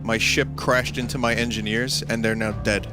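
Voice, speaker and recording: A man's voice: lowish voice, level tone, over music. Loose, profane male streamer. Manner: loose, profane, quick to laugh. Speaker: game streamer. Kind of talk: casual stream chat.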